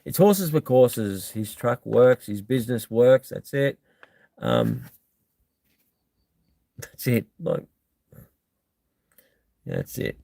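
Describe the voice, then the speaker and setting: A man's voice: mid-range voice, big pitch swings, takes it slowly, creaky, long pauses, dark tone, no room sound. An Australian man hosting a live stream, chatting casually and bluntly as he reads out and answers viewer comments, with lots of ums.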